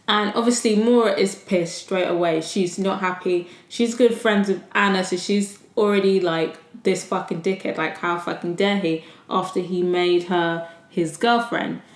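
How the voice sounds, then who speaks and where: A woman hosting a podcast and recapping a reality show episode in casual, animated chat, swearing freely. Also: mid-range voice, roomy sound. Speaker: podcast host. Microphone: desktop USB mic.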